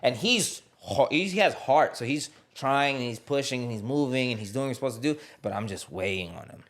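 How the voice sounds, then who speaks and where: This man, a fighter appearing as a podcast guest, tells a casual story from a parked car, speaking a little fast in a mid-range voice. He's an animated storyteller who acts out what people said and often repeats his phrases.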